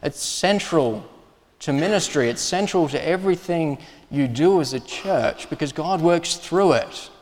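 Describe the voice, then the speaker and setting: A man delivers an earnest, emphatic sermon in a slightly higher register. He stops and restarts now and then as he drives his points home. His voice carries a long reverb from the church around him. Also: animated, unhurried. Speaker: pastor.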